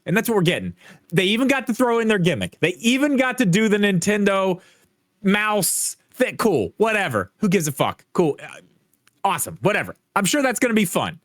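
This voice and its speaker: A man's voice: high-pitched, very animated, moderate pace, dry recording, clean studio sound. A man co-hosting a casual gaming podcast, ranting with heavy swearing and strong emphasis. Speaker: podcast co-host. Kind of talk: casual opinionated chat.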